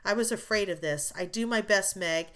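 Patient, hard-working young husband, put on by a woman narrator; dry, good-humored, lowered and slow. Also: a bit bright, close to an everyday voice. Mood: hurt.

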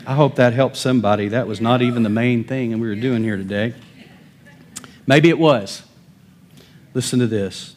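A male pastor preaching a sermon, swinging between loud emphatic declarations and quiet low asides. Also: normal speed, long pauses.

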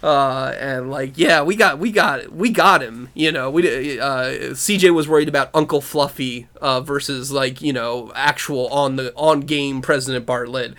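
On a podcast, a male co-host recaps a TV episode in casual chat, swearing, laughing a lot and acting out characters' lines. His mid-range voice is fairly bright, moving at a moderate pace with few pauses.

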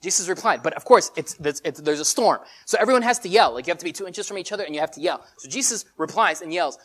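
A preacher giving a sermon in casual, animated storytelling with many filler words. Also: mid-range voice, fast talker, few pauses.

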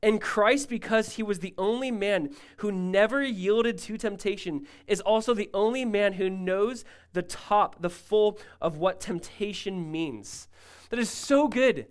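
A male pastor preaching a sermon, emphatic and rising loud, then dropping to a hushed tone, often asking listeners to follow along. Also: sits high. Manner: asks the congregation to follow along.

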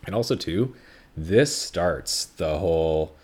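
Very deep-voiced rambling man. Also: expressive, slow pace, a little mellow, husky. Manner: rambling, chatty, self-correcting, swears freely. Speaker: podcast host. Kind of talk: casual movie review chat.

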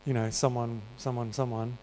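A man gives a sermon in an echoing church hall, his medium-pitched voice flat in delivery and moving at normal speed. The tone is darkish and clean, and he speaks in an earnest, conversational style with frequent fillers.

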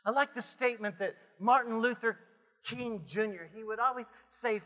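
A man preaching a sermon as pastor, swinging between hushed lines and shouted refrains. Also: very high voice, moderate pace. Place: church sanctuary. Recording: long hall reverb.

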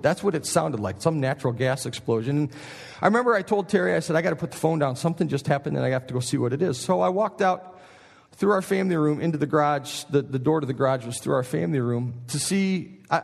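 Middle-aged pastor, high-ish voice, lively sermon storytelling in an echoing chapel. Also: male voice, vocal fry. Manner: animated storytelling with frequent asides to listeners. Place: college chapel. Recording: long chapel reverb.

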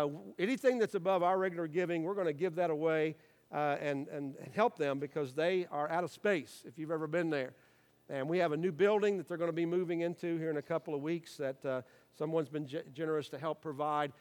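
A middle-aged man, a pastor giving an earnest, encouraging sermon with frequent fillers and restarts. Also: a little high.

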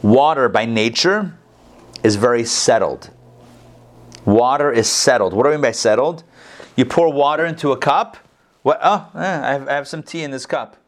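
A man giving an informal Torah class, animated, repeating phrases and answering his own questions. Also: mid-range voice, moderate pace. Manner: coughs, gets excited.

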